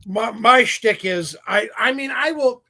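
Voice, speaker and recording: Chatty man with a bright voice. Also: very high voice, a little slow, gravelly. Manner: chatty, self-deprecating. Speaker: Santa performer, show host. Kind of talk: casual storytelling chat.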